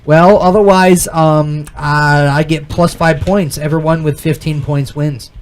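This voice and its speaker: A man streaming a party card game with friends, laughing and teasing loudly. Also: on the high side, steady tone, a little slow. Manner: laughing, loud, playful teasing. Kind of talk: rowdy group banter. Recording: noisy stream audio.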